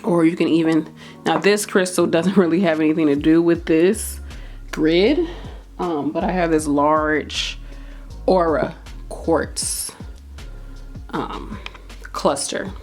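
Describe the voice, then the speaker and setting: A woman's voice: low voice, takes it slowly, long pauses, darkish tone, soft background music. A woman hosting a casual how-to video, talking in a chatty, encouraging way with many fillers. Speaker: crystal shop owner and video host. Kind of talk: casual how-to talk to camera.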